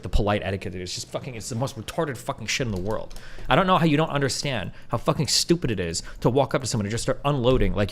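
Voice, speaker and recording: A man in his thirties streaming, ranting bluntly and profanely to his chat, mocking others with put-on voices. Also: mid-range voice. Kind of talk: livestream rant to chat.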